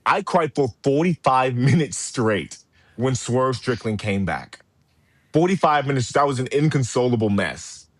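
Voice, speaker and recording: A man co-hosting a podcast in casual chat, an animated storyteller who acts out quotes and swears a lot. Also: mid-range voice, unhurried, no room sound. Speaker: podcast co-host.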